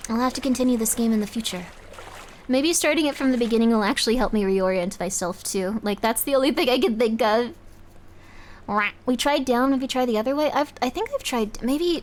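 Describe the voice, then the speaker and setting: A woman's voice: fairly high pitch, slight background noise. A woman streaming a game live, chatting to her viewers in a rambling, easily startled way.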